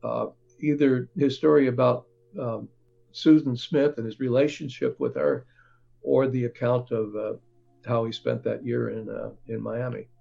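A man who writes and reports, talking as an interview guest, halting often, with fillers and restarts. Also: medium pitch, steady tone, gravelly, warm tone, muffled recording. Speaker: author and reporter.

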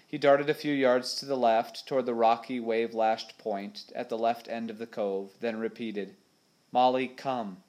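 A man narrating a children's adventure storybook in a steady, measured way. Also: mid-range voice. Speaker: audiobook narrator.

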